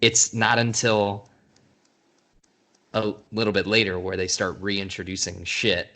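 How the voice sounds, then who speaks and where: Male podcast co-host, low voice, loose and rambling review talk. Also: little pitch movement, unhurried, sharp tone. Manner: rambling, laughs often, restarts. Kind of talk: casual film review chat.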